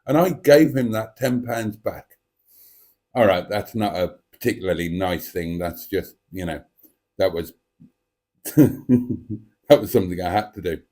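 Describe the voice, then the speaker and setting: A man's voice: low-pitched, measured pace, long pauses, warm tone. A man hosting a live stream, chatting casually and reading out viewer comments in a playful, cheeky, theatrical way.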